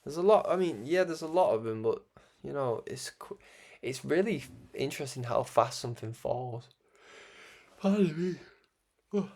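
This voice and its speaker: Gravelly Scouse man musing aloud. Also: mid-range voice, lively intonation, moderate pace, a little mellow. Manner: rambling, restarts often, chuckles between thoughts. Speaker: broadcast host. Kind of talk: reflective spoken monologue.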